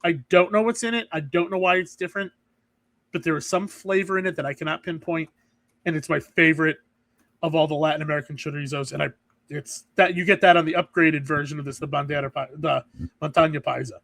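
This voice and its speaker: A man's voice: fairly high pitch, fairly even intonation, fast talker, gravelly, fairly bright tone, no room sound. A man co-hosting a podcast in casual chat, rambling and restarting his sentences often. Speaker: podcast co-host.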